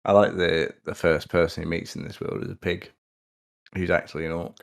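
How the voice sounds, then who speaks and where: A man co-hosting an anime podcast, telling stories and acting out his own reactions. His voice is very deep and gravelly with a lot of fry. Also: a little fast. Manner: animated storytelling, acts out his own reactions in quotes. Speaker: podcast co-host. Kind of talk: casual chat.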